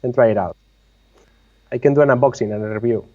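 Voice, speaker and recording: A man's voice: mid-range voice, fast talker. A man co-hosting a casual live-stream chat from his workshop, patiently explaining technical details over a video call. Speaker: co-host. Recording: slightly muffled audio.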